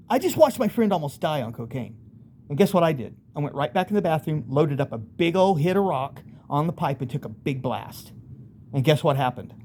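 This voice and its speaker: A man's voice: on the high side, a little mellow, slight background noise. Rambling man telling a wild story. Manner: rambling, vivid, acts out voices in bursts. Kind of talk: casual first-person storytelling.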